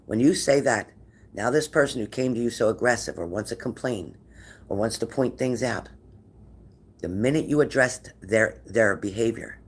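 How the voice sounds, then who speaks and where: A man reads tarot cards for his viewers with a steady, mid-range voice. His tone is encouraging, and he repeats key phrases so they sink in. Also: medium pitch, moderate pace, husky. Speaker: tarot reader.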